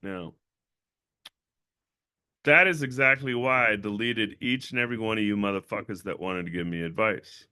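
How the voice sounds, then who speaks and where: A man hosting a casual livestream, telling a story in a blunt, profane, animated way and acting out other people's voices. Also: fairly low pitch, moderate pace, pauses often, clear, resonant tone, dry recording, clean studio sound. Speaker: channel owner and host.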